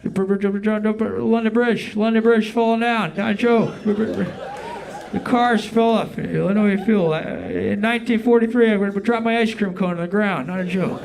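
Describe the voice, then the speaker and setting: A man's voice: high-pitched, fairly even intonation, a little slow, creaky, darkish tone, a faint crowd, pitched below the performer's own voice. A man doing a rambling, confused old politician. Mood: rambling folksy. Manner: rambling, mumbling, trails off into nonsense. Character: rambling elderly male politician, folksy and confused. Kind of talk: comedic impression on a podcast.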